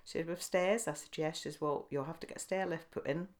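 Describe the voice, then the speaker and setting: A woman's voice: low voice, fast talker. A middle-aged woman telling stories in a casual interview, laughing often and acting out the voices of people she quotes. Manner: lively storyteller who laughs often and acts out quoted speech. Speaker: guest.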